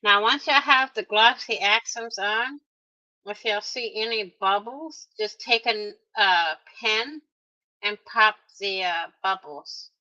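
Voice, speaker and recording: Bright-voiced woman chatting through a craft tutorial. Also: mid-range voice, takes it slowly. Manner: chatty, talks to viewers directly, playful little exclamations. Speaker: craft vlogger. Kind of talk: casual crafting tutorial narration. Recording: dull lo-fi recording.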